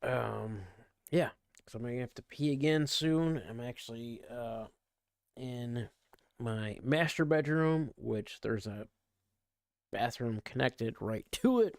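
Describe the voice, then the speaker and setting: A man's voice: mid-range voice, takes it slowly, gravelly, no room sound, clean studio sound. A man winding down a casual livestream from his bedroom at home, rambling and interrupted by hiccups and burps. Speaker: streamer.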